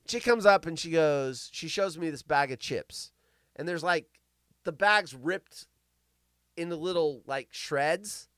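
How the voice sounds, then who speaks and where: A man's voice: on the high side, takes it slowly, a bit bright, no echo, clean studio sound. A male host telling crude, self-mocking stories and riffing on the news on a live comedy show.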